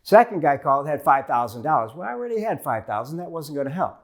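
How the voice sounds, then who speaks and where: This keynote speaker, a middle-aged man, talks quickly in a slightly high voice that swings widely in pitch. He addresses a live audience from the stage with a motivational story, performing the dialogue within it.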